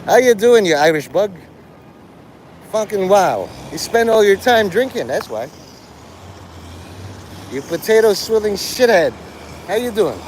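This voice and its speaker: A man's voice: high voice, big pitch swings, a little slow, pauses often, a little hiss or hum. A man streaming live and talking with his chat in a provocative, profane, rambling way. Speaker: livestreamer. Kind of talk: casual livestream chat with viewers.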